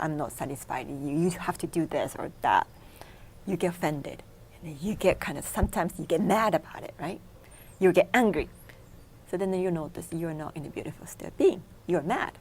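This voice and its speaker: A woman's voice: fairly low pitch, expressive, a little fast, darkish tone, a little hiss or hum. A woman whose first language is Japanese, a meditation instructor being interviewed in a TV studio, explaining steps in simple English. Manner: explains in numbered steps, simple non-native grammar. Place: local TV studio.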